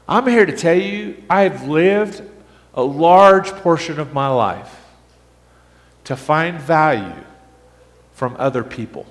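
A high-voiced man delivers a sermon to his congregation, his pitch leaping up and down as he makes his points. He keeps asking the room questions and stumbles over his restarts as he goes. His voice rings out with the long reverb of a church hall. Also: slow, pauses often. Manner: animated, asks the congregation questions, stammers on restarts. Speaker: pastor.

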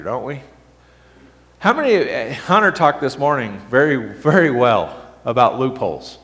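A man preaching a sermon to a congregation, throwing questions at them and restarting words as he talks. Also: medium pitch. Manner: animated, asks the congregation questions, stammers on restarts. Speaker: pastor. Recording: long reverb of a hall.

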